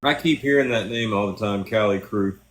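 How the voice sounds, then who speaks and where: A man's voice: lowish voice, moderate pace, a bit bright, slight background noise. A man in a casual livestream chat, telling stories in a laid-back, profane way.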